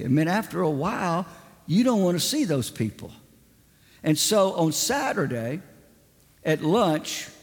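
A man tells stories from the pulpit in a loose, chatty sermon style, full of asides. His voice sits a little on the high side. A long reverb trails behind every line. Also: a little mellow. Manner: folksy, conversational, lots of "I mean" fillers. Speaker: preacher. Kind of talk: sermon storytelling.

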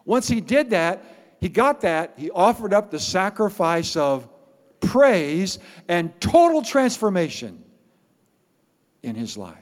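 A man preaching a sermon as pastor, animated and playful, repeating words for emphasis. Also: high voice, slow pace. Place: church sanctuary. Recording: long reverb of a large hall.

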